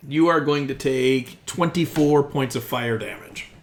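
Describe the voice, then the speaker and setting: A man in a middle, even-pitched voice runs a tabletop game in a loose, chatty way, thinking aloud while he works out rolls and damage. He laughs easily between rulings. A faint hiss of noise sits under his voice. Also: a little slow. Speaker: game master.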